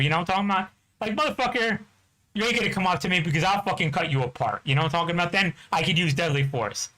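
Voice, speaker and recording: A high-pitched man from New Jersey tears through an angry, profane rant at a rapid clip. His bright, sharp voice presses hard, looping back to the same fillers again and again. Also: a little hiss or hum, rough recording. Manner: profane, heated, repeats "you know what I'm talking about". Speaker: game streamer. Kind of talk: angry ranting chat.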